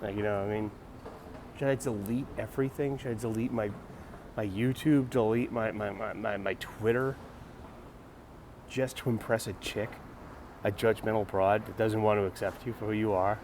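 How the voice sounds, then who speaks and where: A man's voice: on the low side, steady tone, normal speed, a little mellow, a little hiss or hum. A man hosting a casual morning monologue, rambling and wry, sighing and restarting his sentences. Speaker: host of a morning video show.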